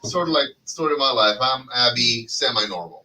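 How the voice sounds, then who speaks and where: A man co-hosting a podcast in a loose joking chat, telling animated stories and slipping into silly voices. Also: medium pitch, fairly quick, far from the mic, slight background noise, poor audio. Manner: animated storyteller who slips into silly voices. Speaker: podcast co-host.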